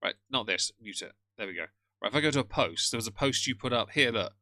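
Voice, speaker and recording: Male streamer, bright tone, jokey banter with chat. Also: mid-range voice, animated, quick pace, no room sound. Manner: greets chat members by name, jokey. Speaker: streamer reacting to a video. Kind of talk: casual live-stream chat.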